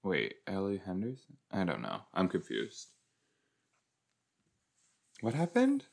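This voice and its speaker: A man casually commenting while he watches a show, chatty and quick to exclaim or laugh. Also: sits low, huge pitch swings, gravelly. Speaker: reaction video host.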